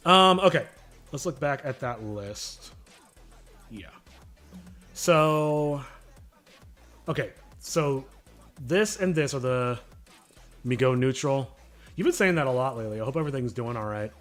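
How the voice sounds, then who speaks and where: An easygoing man of middle pitch, talking through his work in a loose, rambling way with small pauses and fillers while he answers his viewers. He sounds relaxed and unhurried, a live streamer at his desk, with faint music playing softly behind him. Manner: relaxed, thinking aloud, chatting with viewers. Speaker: streamer and animator. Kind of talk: casual live-stream chat.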